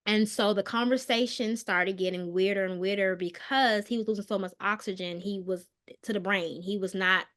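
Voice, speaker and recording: Brief: woman guest, mid-pitched, earnest and halting, lots of "um"s, goes quiet on hard moments. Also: steady tone. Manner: earnest, hesitant, many "um"s and restarts; soft and subdued on painful details. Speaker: guest, mental health counselor. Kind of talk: personal storytelling in a podcast interview.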